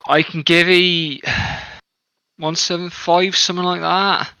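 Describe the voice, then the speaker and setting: A man's voice: high-pitched, little pitch movement, takes it slowly, vocal fry, bright, forceful tone, clean tone, no echo, voice pushed up, heavily acted, low-quality recording. A man voicing a harried, short male halfling army quartermaster, blunt and exasperated, swearing as he haggles. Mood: haggling.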